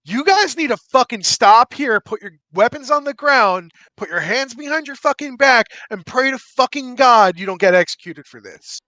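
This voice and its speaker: A man's voice: very high-pitched, expressive, moderate pace, hardly any pauses, dry recording, voice pushed up, heavily acted. A man voicing an angry, foul-mouthed male city guard in a tabletop game, barking orders. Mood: furious. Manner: shouting, swearing orders.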